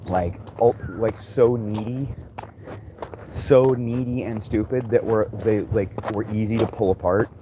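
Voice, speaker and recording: Man, lowish voice, rambling and profane frustrated rant, noisy outdoor phone recording. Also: steady tone, measured pace. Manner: frustrated, swearing, rambling with many restarts. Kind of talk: ranting monologue while walking dogs. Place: outdoors on a walk.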